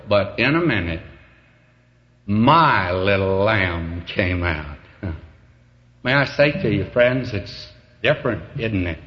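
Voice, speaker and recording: A male preacher delivers a sermon in an unhurried, folksy storytelling manner. He keeps returning to "may I say to you" as his voice swells to fervent emphasis. The recording sounds dull and lo-fi. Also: on the low side. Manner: repeats the phrase "may I say to you".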